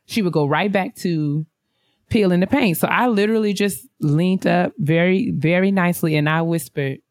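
Low-voiced woman telling lively stories. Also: moderate pace, dry recording, clean studio sound. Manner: animated, acts out other people's voices. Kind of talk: casual chat, storytelling.

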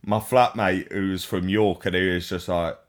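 A man with a Cockney accent co-hosting a podcast in casual chat, an animated storyteller who acts out the people he quotes. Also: low voice, normal speed. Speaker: podcast co-host.

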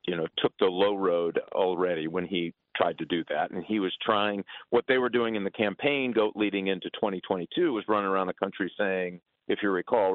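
A middle-aged man calling in as a guest for a radio interview, speaking in a measured, plain-spoken way. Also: low-pitched, steady tone, dry recording. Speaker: guest on the phone. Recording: tinny phone line.

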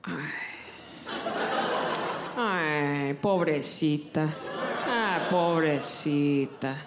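A woman's voice: very slow, echoey room, heavy background noise, exaggerated voice. Woman doing a cooing ancient abuelita. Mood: pitying. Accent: Mexican Spanish. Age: over 60. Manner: low murmuring coos. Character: very old grandma, doting, mumbling. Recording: loud crowd laughter.

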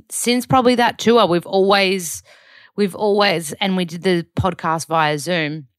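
A low-voiced Australian woman hosts her podcast in a rambling, chatty way, often stopping to correct herself mid-sentence. The sound is dry and close, with no room around it. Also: lively intonation, normal speed, dry recording. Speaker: podcast host. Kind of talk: casual weekly diary chat.

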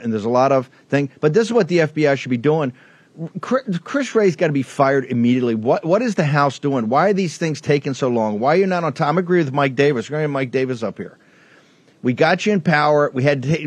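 A man's voice: fairly high pitch, husky, no echo. Fired-up male talk show host, dry mic. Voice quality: rambling, fired up, frequent restarts. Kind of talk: heated political talk show monologue.

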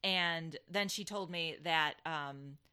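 A woman's voice: low voice, slow pace, smooth. A woman co-hosting a podcast, telling a family story in casual chat with lots of restarts. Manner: animated storyteller, many restarts and fillers. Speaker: podcast co-host.

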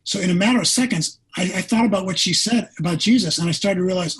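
A man in his sixties, a former pro quarterback, telling a personal story as a podcast guest, earnest and animated, acting out what people said. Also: high-pitched, quick pace, hardly any pauses, slightly rough, low-quality recording.

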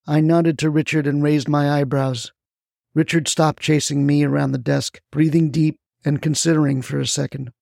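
A man's voice: on the high side, little pitch movement, normal speed, creaky, darkish tone, no echo, studio quality. A man narrating a first-person story in a scripted, wry storytelling manner.

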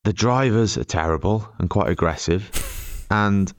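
A low-pitched man chats loosely through a funny anecdote, laughing as he goes. His voice is smooth and clear, recorded dry and close to the mic. He rambles with restarts and easy humor. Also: measured pace, dry recording. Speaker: podcast co-host. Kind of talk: casual storytelling chat.

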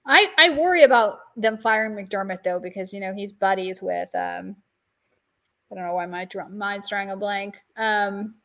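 A woman joins a casual sports podcast as a guest. She talks in an easygoing way and laughs easily. Her voice sits at an ordinary middle pitch. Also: normal speed, vocal fry, a bit bright.

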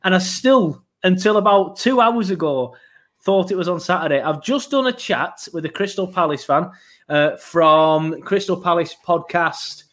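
A man's voice: high voice, lively intonation, normal speed, fairly bright tone. A young man hosting a casual football podcast, rambling with frequent ums. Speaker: podcast host.

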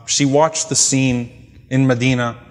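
A man's voice: mid-range voice, level tone, slow pace. A male preacher telling religious stories in a lecture, quoting Arabic lines and then explaining them in English. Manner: retells stories with quoted Arabic and English glosses. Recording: long hall reverb.

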